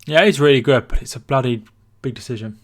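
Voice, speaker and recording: A man's voice: medium pitch, fast. A man with a Scottish accent hosting a casual football livestream, reading viewers' messages aloud and answering them. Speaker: football stream host.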